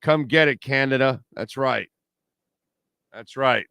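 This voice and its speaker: A man's voice: mid-range voice, slow pace, creaky, sharp tone, clear, resonant tone, no echo, studio quality. Brash middle-aged man hosting a sports show. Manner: brash, trash-talking, reads sponsor plugs and super chats. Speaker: sports talk show host. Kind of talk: casual postgame livestream talk.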